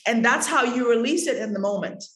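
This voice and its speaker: A woman with a high, bright-pitched voice leads an acting workshop, answering students' questions. She talks in a lively, hands-on way and acts out little scenes to make her point. Her voice rings in a noticeably echoey room. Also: a little fast. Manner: lively, acts out examples with laughter. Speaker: acting teacher.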